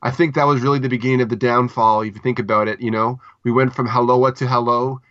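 A man co-hosting a casual literary podcast, talking with a dry, deadpan humor. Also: medium pitch, fast talker, dry recording. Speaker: podcast co-host. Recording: dull, dry lo-fi mic.

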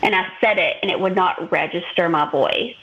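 A woman's voice: on the low side, moderate pace, muffled recording. A woman, telling a long personal story as a podcast co-host and acting out what others said. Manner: animated storytelling, acts out quotes. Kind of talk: casual chat.

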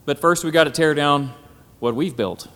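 A man's voice: a little high, normal speed, a bit bright. Preaching man in an echoey hall. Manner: preaching with frequent "Amen" and rising emphasis. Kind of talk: sermon. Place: hall at a symposium.

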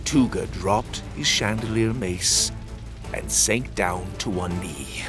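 A man narrating a children's audio story, with expressive storytelling. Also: slow pace, music in the background. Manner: expressive storytelling with lively pitch.

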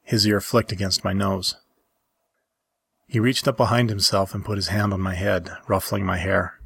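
A man reading a story aloud as narrator, telling it in a steady first-person voice. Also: low-pitched, normal speed, gravelly, husky. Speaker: story reader.

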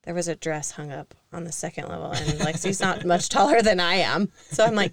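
A woman's voice: on the low side, brisk, hardly any pauses, dry recording. A young woman co-hosting a casual podcast, telling stories in a chatty way with fillers and laughs. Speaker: co-host.

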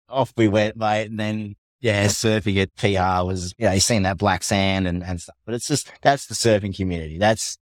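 An easygoing Australian man in a podcast chat, telling a story in a laid-back way. His voice sits a bit low and is recorded close and dry. He talks in a matey, unhurried style. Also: steady tone, dry recording. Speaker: podcast guest. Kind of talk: casual storytelling.

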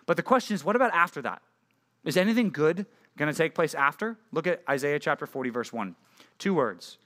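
A man, a youth pastor, giving a casual and conversational sermon to a junior high group, often asking his listeners questions. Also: lively intonation, a little fast, pushed and bright. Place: church youth group meeting.

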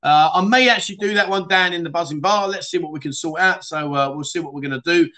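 Speaking quickly in a slightly high, pushed and bright voice, a middle-aged livestream host from the United Kingdom reads out comments from viewers. He's chatty and blunt, addressing people as "mate."

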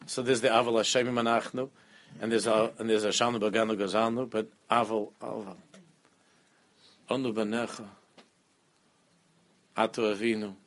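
A man giving a lively Torah class, often repeating phrases and mixing Hebrew terms into his English. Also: lowish voice, normal speed, pauses often. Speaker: rabbi teaching a class.

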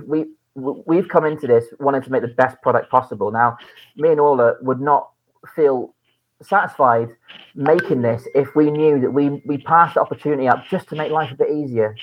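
A man co-hosting a podcast talks at a rapid clip, full of enthusiasm and stumbling restarts. His voice sits in an ordinary middle pitch. The audio is somewhat dull and lo-fi. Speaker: podcast co-host, production company director. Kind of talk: casual chat.

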